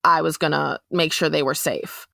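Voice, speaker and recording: Low-voiced young woman recounting earnestly. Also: fairly even intonation, vocal fry, fairly bright tone, no room sound, clean studio sound. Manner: earnest, measured recounting that turns urgent. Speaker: interviewee recounting her experience. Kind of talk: podcast personal testimony.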